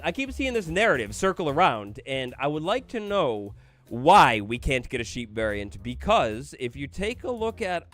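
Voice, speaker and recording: A man's voice: medium pitch, a bit bright. A man chatting casually on a gaming livestream, answering viewer comments aloud as he goes. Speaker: gaming streamer.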